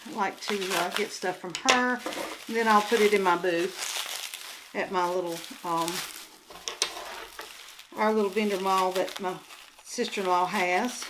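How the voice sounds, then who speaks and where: Older woman with a Southern drawl, rambly unboxing chat on a handheld phone, easy unhurried pace. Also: medium pitch, steady tone, background noise. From Southern United States. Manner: rambling, chatty, often trails into soft murmurs. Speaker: crafts vlogger and booth vendor. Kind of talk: casual unboxing chat to camera. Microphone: handheld phone camera.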